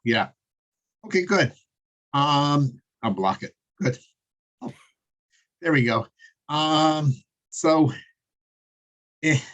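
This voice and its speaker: A man teaching a casual online Torah class over a video call, chatty and digressive, chuckling as he tells jokes. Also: mid-range voice.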